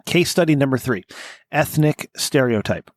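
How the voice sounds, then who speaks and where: Animated, profane man hosting a podcast. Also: mid-range voice, normal speed, dry recording. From Italian-American. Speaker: podcast host. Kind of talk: casual podcast chat.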